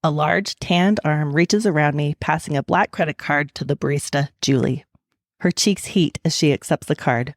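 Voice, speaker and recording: A woman's voice: sits low, brisk, no room sound, clean studio sound. A woman author talking candidly in an interview and reading her own novel aloud, laughing easily. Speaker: author and guest.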